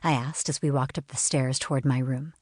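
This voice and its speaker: A woman narrating a first-person novel in a measured, expressive reading. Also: a bass voice, dry recording, studio quality. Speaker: audiobook narrator.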